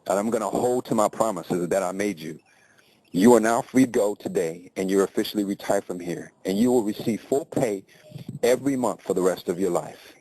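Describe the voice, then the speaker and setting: A blunt, businesslike boss, voiced by a man telling a story lays out terms plainly. The voice is low and mellow. It is everyday storytelling in his own register. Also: a little fast, natural voice, rough recording.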